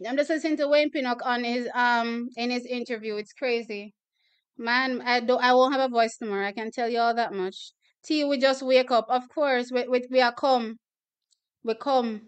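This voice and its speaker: A Jamaican woman hosting a live-stream watch party, reacting to races with excited, emotional exclamations. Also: fairly high pitch, moderate pace, clean tone, lo-fi sound.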